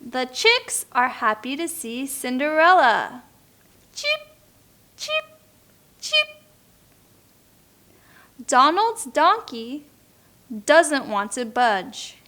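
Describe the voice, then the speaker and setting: A woman teacher reading a picture book aloud slowly and clearly for beginner learners, now and then making playful animal sounds. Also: sits high, sing-song, bright, forceful tone.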